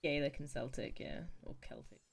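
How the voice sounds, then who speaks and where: A woman's voice: deep voice, steady tone, moderate pace, gravelly. A young woman from England chatting casually on a live stream while playing, reacting to chat messages and laughing often.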